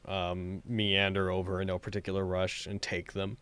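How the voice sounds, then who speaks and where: A man's voice: deep voice, monotone, normal speed, fairly bright tone, clean tone, no echo. A man running a tabletop role-playing game as game master, narrating loosely with fillers and speaking as the characters.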